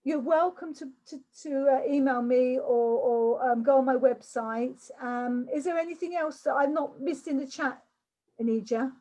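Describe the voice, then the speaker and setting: A woman's voice: high voice, moderate pace, dark tone, poor audio. An older woman from England giving a chatty online workshop talk over a video call, often repeating words and restarting. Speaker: workshop speaker.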